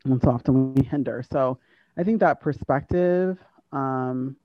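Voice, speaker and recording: Her voice is rumbling and low, unhurried, with no echo and the highs cut off. The American university staffer, an interview guest, shares conversational stories with animation, voicing the quoted lines and laughing a lot.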